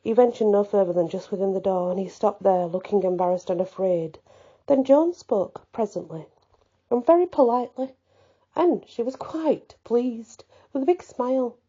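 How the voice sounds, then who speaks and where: A woman's voice: mid-range voice, normal speed, mellow, slightly rough, lo-fi sound. A woman reading a novel aloud expressively, stepping out for casual asides. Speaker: reader.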